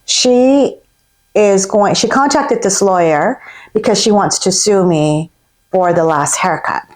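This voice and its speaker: A woman's voice: mid-range voice, takes it slowly. A woman, a hairstylist, telling a story about a difficult client in a candid, exasperated way. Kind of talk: storytelling to camera.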